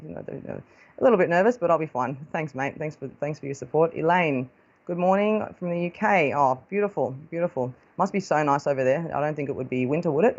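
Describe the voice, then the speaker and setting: An Australian woman with a low voice hosts a live stream as a psychic medium, heard through dull audio. She chats casually and warmly, greeting viewers by calling them darling.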